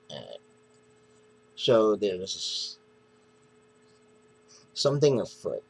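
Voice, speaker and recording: A man's voice: deep voice, sing-song, slow, gravelly, pauses often, a little hiss or hum, poor audio. A man casually reviewing a comic book, retelling the story in a rambling, hesitant way.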